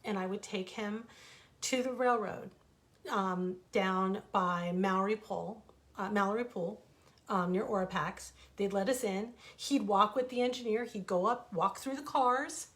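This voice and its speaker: A middle-aged woman, an author, telling a personal story from home in a casual, animated way, rambling with asides and self-corrections. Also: medium pitch, a little slow. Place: her home.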